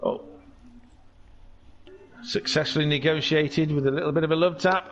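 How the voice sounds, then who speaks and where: A man giving casual, jokey commentary on an online car race, chatty and excitable. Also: a little high, moderate pace, pauses often, a little hiss or hum. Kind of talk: casual sim racing commentary.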